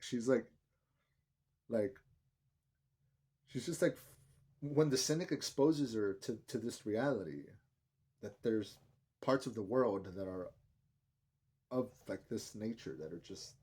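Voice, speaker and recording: Low-voiced man rambling casually. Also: darkish tone. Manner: rambling, profane, heavy use of "like". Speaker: film reviewer. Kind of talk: casual spoken film review.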